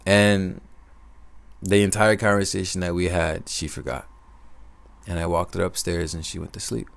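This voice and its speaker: A man with a very low voice and a gravelly rasp, speaking slowly and reflectively. He tells a personal story straight to his listeners in a soft-spoken, unhurried monologue. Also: level tone, dry recording. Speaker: podcaster.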